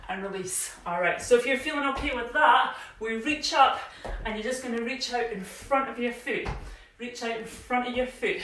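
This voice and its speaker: A Scottish woman leads a live workout class from home, chatty and encouraging, slightly out of breath as she exercises along and cueing moves with frequent "yeah?". Her voice is fairly high and a bit bright, heard from a distance in a very echoey room with slight background noise.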